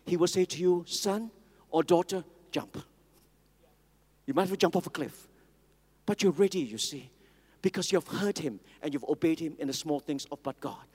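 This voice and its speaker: A man preaching a sermon, emphatic and repetitive, calling on the congregation to answer back. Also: sits high. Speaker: pastor. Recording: long reverb of a large hall.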